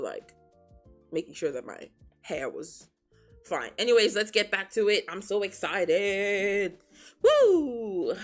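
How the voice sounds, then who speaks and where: A young woman streamer reads a novel aloud into a close, sensitive desk mic. She keeps stopping for chatty, laughing commentary and the odd casual swear. Her voice sits low, with soft music playing faintly behind her.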